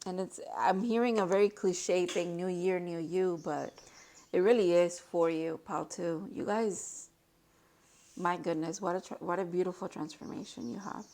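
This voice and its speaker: A woman with a fairly low voice gives a casual tarot reading to her viewers. She is excitable and gushing, exclaiming often, and slows to a softer tone when she reads card text aloud. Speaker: tarot reader.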